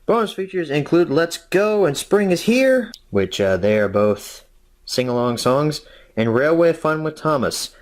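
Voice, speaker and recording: A man hosts a review vlog in a casual, opinionated, chatty way, poking fun at himself. His pitch moves around a lot, and the recording sounds dry and close. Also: sing-song, measured pace, no room sound. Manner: chatty, opinionated, self-deprecating. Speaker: host of a home media review show.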